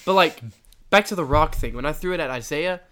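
A young man telling stories in casual chat with a friend, excited and jumping in often. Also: on the high side, brisk, clean tone. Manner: excited, laughing, interjecting. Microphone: handheld microphone.

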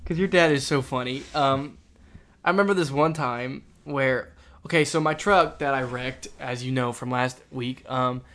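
A young man in casual chat, telling stories in an animated way with loud ranting bursts. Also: mid-range voice, normal speed.

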